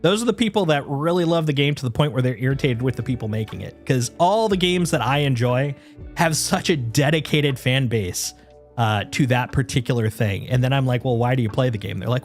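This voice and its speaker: A man's voice: medium pitch, lively intonation, brisk, faint music behind. Rambling man on a gaming stream. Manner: rambling, lots of fillers and restarts; baby-talk to his dog. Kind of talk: casual chat while gaming.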